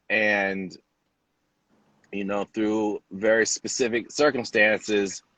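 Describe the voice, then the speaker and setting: A man, a hairstylist, telling a lively story in an interview and acting out the people in it. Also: fairly low pitch, no room sound. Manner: animated storyteller acting out quotes. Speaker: celebrity hairstylist, guest.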